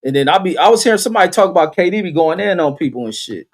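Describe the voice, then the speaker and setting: A man's voice: high voice, expressive, racing. Profane laughing man reading stream chat. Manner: profane, laughing, reads chat comments aloud. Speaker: livestream host reading chat. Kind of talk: casual livestream commentary.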